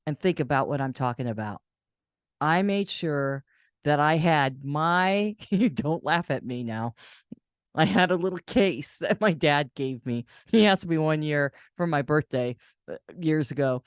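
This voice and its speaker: Woman, casual storytelling vlog, lowish voice, dry close sound, animated. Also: moderate pace, no room sound. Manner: animated, acts out quoted voices in a higher pitch. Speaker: caregiver and channel host.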